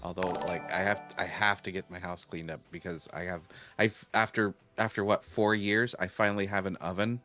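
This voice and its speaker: A man's voice: sits low, steady tone, moderate pace, few pauses, sharp tone, soft background music. A man chatting casually on a livestream, rambling and restarting his sentences, often laughing at his own jokes.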